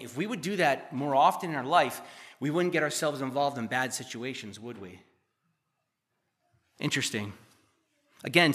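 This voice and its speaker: A middle-aged man preaching a sermon as pastor, conversational and joking, asking the church questions and swinging between loud emphasis and quiet asides. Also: fairly high pitch. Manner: conversational, asks the congregation questions.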